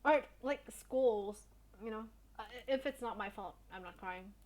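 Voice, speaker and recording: A woman's voice: fairly high pitch, unhurried. A young woman streamer chatting casually with her viewers, telling a story in a blunt, indignant way and swearing often.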